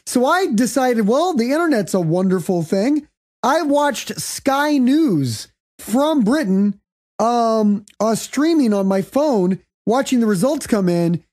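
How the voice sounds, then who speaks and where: Profane, rambling woman podcast host. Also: a little high. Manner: loud, profane, rambling storytelling. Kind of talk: casual comedy podcast chat.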